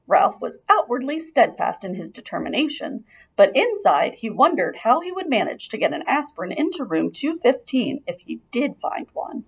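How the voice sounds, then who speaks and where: A woman reading a children's chapter book aloud, her narration full of lilt and swinging pitch. The voice has a gravelly, slightly husky texture, and she shapes each sentence expressively for young listeners. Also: normal speed. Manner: expressive, lively storyteller. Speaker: audiobook reader.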